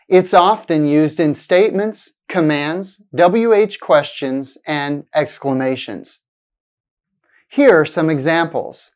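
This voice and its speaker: Woman, pronunciation teacher, low voice that swoops up and down, deliberate scripted delivery. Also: darkish tone. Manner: clear, deliberate, exaggerated intonation in examples. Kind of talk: scripted lesson narration.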